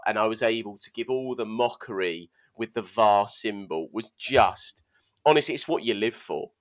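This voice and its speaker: A young man co-hosting a casual podcast chat, telling animated, self-mocking stories and stumbling over his words. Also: medium pitch. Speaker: podcast co-host.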